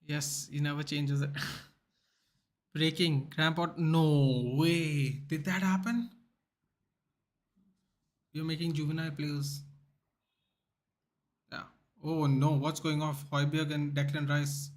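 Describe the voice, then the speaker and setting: A man's voice: on the high side, monotone, unhurried, long pauses. Chatty man streaming a football watchalong. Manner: rambling, opinionated, peppered with "dude". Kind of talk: casual livestream chat.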